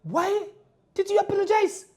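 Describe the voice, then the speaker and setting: A woman ranting through a reaction video, emphatic and indignant, repeating her points forcefully. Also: extremely high pitch, normal speed.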